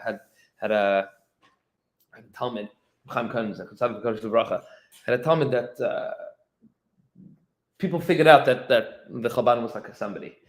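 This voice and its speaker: A rabbi teaches an informal Torah class, telling stories as an animated storyteller with lots of fillers and restarts, acting out the lines he quotes. His voice is mid-range. The room is echoey and the audio poor.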